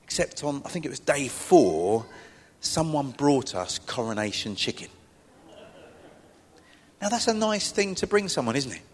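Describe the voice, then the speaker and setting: A man's voice: mid-range voice, sing-song, unhurried, pauses often. A middle-aged man preaching a sermon as a pastor, telling stories in a chatty, self-deprecating way with asides to the congregation. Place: church. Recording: long church-hall reverb.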